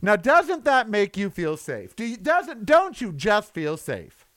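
A man's voice: high voice, huge pitch swings, a little slow, fairly bright tone, no room sound. A man delivering a sarcastic, exasperated rant as a commentator, with mocking asides. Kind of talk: ranting monologue.

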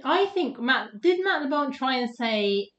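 A woman's voice: sits high, expressive, a little slow, a bit bright. Woman chatting in an echoey room. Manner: chatty, agreeable, laughs often. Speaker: podcast co-host. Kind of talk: casual chat. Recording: echoey room, dull lo-fi audio.

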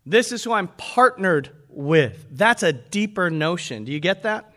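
A man preaches a sermon in a fairly high voice. He talks to his listeners in a conversational way and keeps asking them rhetorical questions. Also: lively intonation, unhurried, fairly bright tone. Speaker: pastor.

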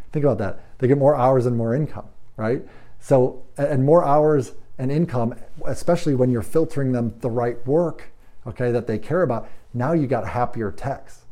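A man's voice: mid-range voice, mellow. A man coaching automotive service managers, talking emphatically with rhetorical questions and acting out bits of dialogue. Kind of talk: training talk to shop managers.

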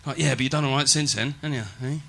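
A man's voice: medium pitch, fairly even intonation, very fast, vocal fry, a bit bright. A man performing a stand-up set in a comedy venue, brash and swearing with mock-serious asides.

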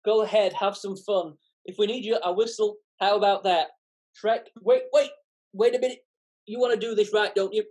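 A woman's voice: mid-range voice, steady tone, normal speed, darkish tone, lightly acted. Woman doing a chattering pushy donkey. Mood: eager. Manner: pushy, chattering script read. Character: fast-talking, excitable male talking donkey. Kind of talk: amateur script read on a podcast.

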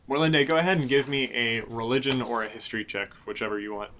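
A man narrating a tabletop game as game master, explaining in a relaxed way. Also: mid-range voice, quick pace, hardly any pauses.

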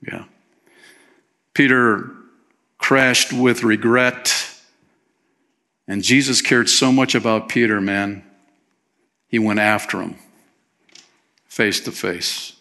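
Bright-voiced man preaching casually. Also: fairly low pitch, slow pace, pauses often. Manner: conversational preaching, peppered with "man", acts out quotes. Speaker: pastor. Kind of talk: sermon. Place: church.

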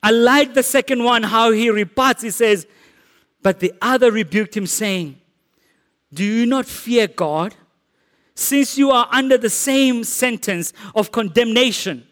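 South african guy preaching, kinda high voice, big reverby hall, earnest. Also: measured pace, a bit bright. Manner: earnest, rising to emphatic declarations. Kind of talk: sermon. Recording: echoey hall with long reverb.

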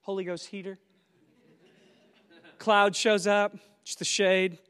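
A man preaching a sermon at a church conference, animated, rising to loud exclamations and dropping to soft reflective asides. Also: high-pitched, slow pace, clean tone. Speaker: conference speaker. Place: church auditorium. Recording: live in a large hall with long reverb.

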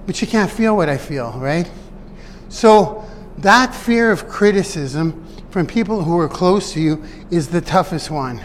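A man's voice: high voice, long reverb tail, slight background noise. A man giving a casual motivational talk to his viewers, chatty and digressive, often laughing at his own stories. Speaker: online business coach.

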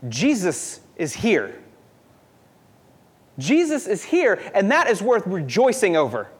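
Young male preacher with a high voice, earnest and conversational, repeats points for emphasis. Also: huge pitch swings, slow, husky. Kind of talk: sermon.

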